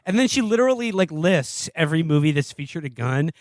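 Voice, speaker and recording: Man, podcast co-host. Rambling, profane, sardonic; slightly high voice, dry close sound. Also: very animated, fast, no room sound. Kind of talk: casual comedic film review chat.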